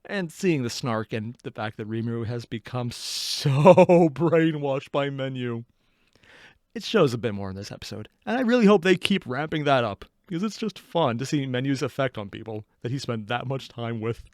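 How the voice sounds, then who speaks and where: A man's voice: mid-range voice, expressive, moderate pace, a little mellow, no room sound, clean studio sound. A man hosting an anime reaction channel, giving casual, enthusiastic commentary and chatty analysis.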